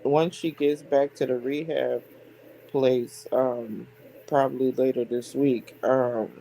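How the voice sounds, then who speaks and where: A woman's voice: a bass voice, steady tone, slow, gravelly, mellow, poor audio. A middle-aged woman, a hairdresser hosting a livestream, chatting candidly and laughing between lines. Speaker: stream host, hairdresser. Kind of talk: casual chat on a livestream.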